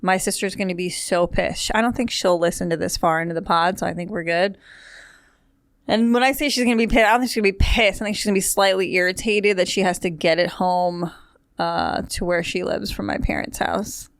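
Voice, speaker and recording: In this studio podcast, a female host talks in a loose, meandering style full of dry side comments. She speaks fairly quickly in a lowish voice with fairly level intonation, and the sound has no echo.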